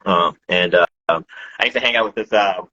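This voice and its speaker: A man's voice: low voice, fairly quick, bright, forceful tone, highs cut off. A man, a breakdancer, chatting casually in an interview, rambling with lots of restarts and slang. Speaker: breakdancer guest.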